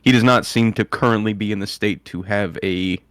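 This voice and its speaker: A man running a tabletop game as game master, measured and matter-of-fact, over an online voice call. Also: lowish voice, a bit bright, clear, resonant tone, no echo, clean studio sound.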